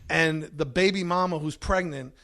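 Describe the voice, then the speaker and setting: A man who is a podcast guest, telling a story in a lively, profane way. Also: fairly high pitch, normal speed. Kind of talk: storytelling in casual chat.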